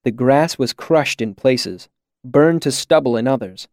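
Dry, measured male storyteller. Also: medium pitch, darkish tone, no room sound. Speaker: audiobook narrator. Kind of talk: scripted narration.

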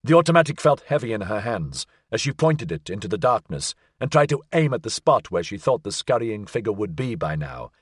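A man narrating an audiobook thriller in an expressive, suspenseful reading. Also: fairly low pitch, a little fast, few pauses, slightly rough, dry recording, studio quality. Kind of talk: scripted narration.

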